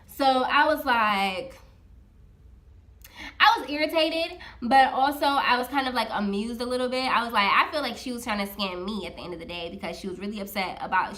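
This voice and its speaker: Female vlogger, freelance social media manager, chatty storytime delivery that acts out the dialogue. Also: fairly high pitch. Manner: animated, retells dialogue with many "I was like" asides. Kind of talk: casual storytime retelling.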